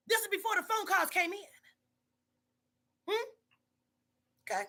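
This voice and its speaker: Woman boss going off at an employee, swearing, repeating herself, high bright voice. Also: measured pace, pauses often. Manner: confrontational, profane, emphatic repetition. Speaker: boss of a psychic reading business. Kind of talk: heated monologue to a staff member.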